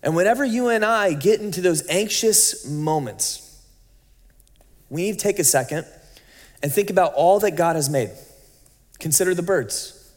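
A man in his thirties preaches with a light, high voice and tells a family story with lively energy, acting out each line of dialogue. His words ring out in a large hall with a long reverb tail. He moves from anecdote to his message in an easy, conversational way. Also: normal speed, pauses often. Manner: animated storytelling, acting out quotes. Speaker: pastor. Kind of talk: sermon with personal story.

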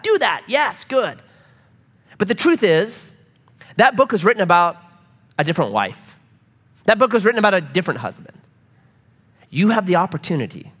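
A man preaching a sermon as pastor, animated and acting out quoted voices. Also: on the high side, long reverb tail. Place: church sanctuary.

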